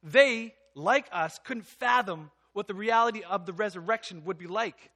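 Bright, high-voiced male preacher. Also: normal speed. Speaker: pastor. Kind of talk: sermon.

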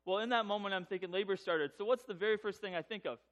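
A man tells an audience a humorous, self-mocking personal story, animatedly acting out the voices. He sits high in pitch and talks fast.

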